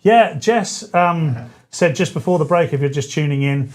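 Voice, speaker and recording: A man's voice: on the high side, moderate pace. A man in his forties hosting a live talk radio show, chatty and jokey with self-deprecating asides. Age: 40s. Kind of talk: casual live radio chat.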